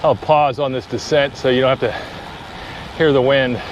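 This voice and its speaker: A man's voice: medium pitch, steady tone, measured pace, highs cut off, noisy background. A man on a bicycle outdoors, live-streaming a charity ride, out of breath and chatting casually between climbs. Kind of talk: casual live-stream chat while riding. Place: outdoors on a bicycle on country roads.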